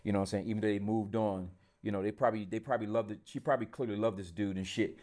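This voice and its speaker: A man's voice: on the low side, fairly even intonation, racing, darkish tone. A man hosting a podcast, talking bluntly in casual chat with plenty of profanity. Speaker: podcast host.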